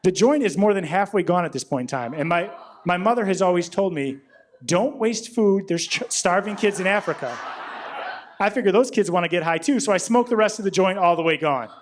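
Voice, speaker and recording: Deadpan stand-up comedian, man. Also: sits high. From Rockford, Illinois. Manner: deadpan storytelling, acting out the other people with quick voice shifts. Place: comedy club on stage. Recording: live club recording with audience noise. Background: audience laughter.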